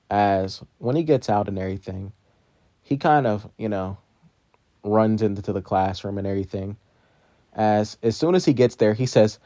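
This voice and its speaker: A man's voice: lowish voice, warm tone, no room sound, studio quality. A man narrating an improvised fan story in a rambling way, full of "kinda" and "you know.".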